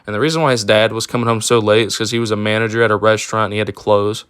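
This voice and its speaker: A man's voice: lowish voice, steady tone, racing, fairly bright tone, clean tone, no echo, studio quality. A young man telling a personal story in a casual, rambling way, with lots of fillers and swearing. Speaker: storytime vlogger.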